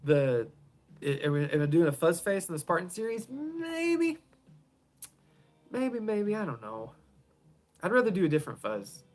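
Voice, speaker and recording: An easygoing pedal builder hosts a live stream from his home garage, fielding viewer questions one after another in casual chat. He rambles and laughs often, his fairly high, sing-song voice running a little fast before fading softly at sentence ends.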